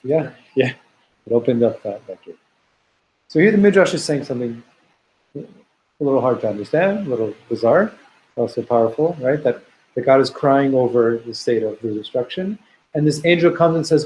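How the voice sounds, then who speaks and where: A man's voice: medium pitch, animated, moderate pace, a little mellow, slight background noise, poor audio. A man teaching a Torah class to students in a classroom. He reads Hebrew text aloud, explains it thoughtfully, and repeats words as he works through ideas.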